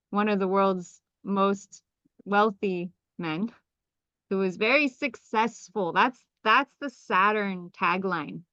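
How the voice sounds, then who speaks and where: A woman's voice: medium pitch, no room sound, dull audio. Enthusiastic woman teaching on a call. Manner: enthusiastic, animated, asks many questions. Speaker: astrology teacher. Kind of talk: live group call presentation.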